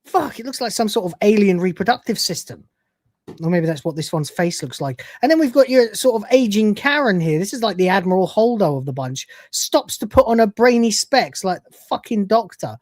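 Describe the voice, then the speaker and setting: A woman's voice: medium pitch, expressive, fairly quick, darkish tone, no room sound, clean studio sound. A British woman hosting a livestream, reacting to clips and reading super chats, swearing a lot, often exasperated, and laughing often. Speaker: host.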